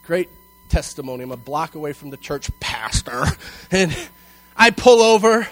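A male pastor preaching a sermon to a congregation in church, telling a personal story and acting out its dialogue with animated delivery. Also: fairly high pitch, moderate pace, soft background music, poor audio. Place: church service before a congregation.

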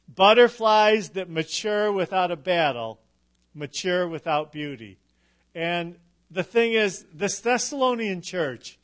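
A middle-aged man preaching a sermon, emphatic and unhurried, with dramatic pauses and touches of humor. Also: high-pitched, fairly bright tone. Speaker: pastor.

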